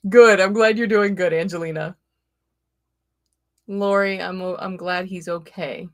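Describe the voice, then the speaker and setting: Chatty, slow-talking woman livestream host. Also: lowish voice, fairly even intonation, dry recording. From Florida. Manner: chatty, laughs often, greets viewers by name. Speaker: tarot reader and livestream host. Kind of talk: casual livestream chat.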